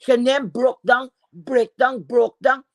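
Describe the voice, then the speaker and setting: Woman, gravelly fry, dry close sound, heated profane rant, livestream guest. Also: a little high, fairly even intonation, slow pace, no room sound. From Trinidad. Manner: profane, heated, emphatic ranting. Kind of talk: casual live chat rant.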